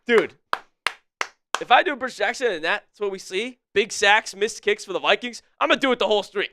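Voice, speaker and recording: A young man calling football plays on a live fan stream, shouting at big plays, laughing often, and putting on a playful mock British accent. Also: high voice, expressive, a little fast, noisy background. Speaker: live stream co-host doing play-by-play.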